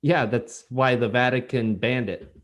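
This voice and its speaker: A man co-hosting a podcast in casual chat, dropping dry, deadpan asides and rambling explanations full of fillers. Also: medium pitch, a little slow. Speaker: podcast co-host.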